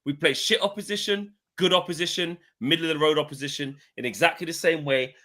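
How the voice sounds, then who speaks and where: A man's voice: a little high, fast, pushed and bright. A man speaking as a football pundit in a casual panel debate, fed up and complaining emphatically.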